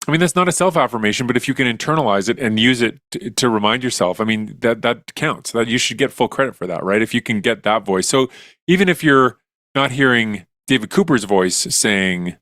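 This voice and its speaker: A man's voice: mid-range voice, lively intonation, brisk, a bit bright, no echo, studio quality. A man, a science educator, explaining ideas in an enthusiastic, jokey way. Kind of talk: casual chat.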